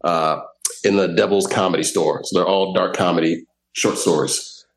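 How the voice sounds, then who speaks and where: A man's voice: low voice, steady tone, moderate pace, over a noisy crowd, low-quality recording. A male comedian guest on a podcast, chatting in a laid-back way with hesitant ums. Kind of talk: casual chat.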